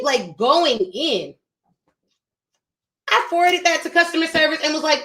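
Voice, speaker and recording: Woman host in her thirties, emphatic motivational speaker, lively high voice, roomy echo. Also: brisk. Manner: emphatic, preachy, addresses listeners as y'all. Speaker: podcast host. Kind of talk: motivational business talk.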